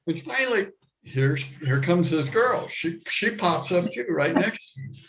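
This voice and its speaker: A middle-aged American man tells a personal story on stage, his voice sitting a little high. He is animated and leaps into loud, high-pitched voices to act out the people in the tale. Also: measured pace, low-quality recording. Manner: animated, acts out his younger self and others with loud high shouts.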